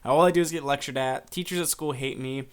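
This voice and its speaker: A man's voice: medium pitch, steady tone, fairly quick, smooth, natural voice. A man playing a bitter teenage delinquent boy. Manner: sulky, exasperated. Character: teen male delinquent, bitter and defiant.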